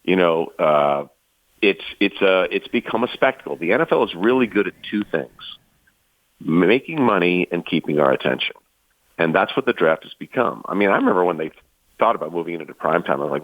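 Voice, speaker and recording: A man's voice: sits low, lively intonation, a little fast, no echo. A man chatting as a guest broadcaster, telling stories with many fillers and restarts, heard over a tinny phone line. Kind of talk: casual chat.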